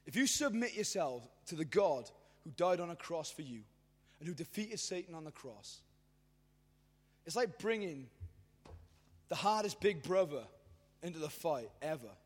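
A man preaching a sermon in casual slang, with self-mocking asides, building from easy storytelling to shouted fervor. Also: fairly high pitch, big pitch swings, normal speed, pauses often, husky. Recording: long hall reverb.

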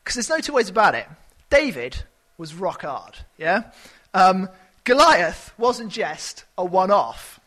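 A man preaching a sermon in a chatty, animated way, with quick asides and playful voices. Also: high voice, low-quality recording. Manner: conversational and animated, with sudden shouted character voices.

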